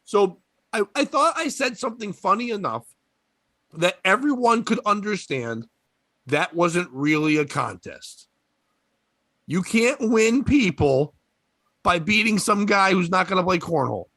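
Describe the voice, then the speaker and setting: Man, young adult, fairly high voice, dry close mic, rambling profane anecdotes with laughter. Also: animated, a little slow, bright, forceful tone, dry recording. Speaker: podcast guest storyteller. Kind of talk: casual comedic storytelling.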